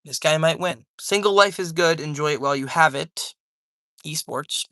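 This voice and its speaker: A man's voice: a little high, moderate pace, bright, forceful tone, no room sound, studio quality. Slangy young man chatting on a livestream. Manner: loose, rambling, slangy, calls chat man, dude, bro. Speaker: livestreamer reading chat. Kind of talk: casual livestream chat. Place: at home with his cat.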